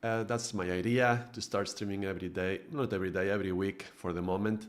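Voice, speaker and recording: A man from Spain, giving a calm live-streamed spiritual talk as a meditation teacher, with frequent hesitations. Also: low-pitched, fairly quick.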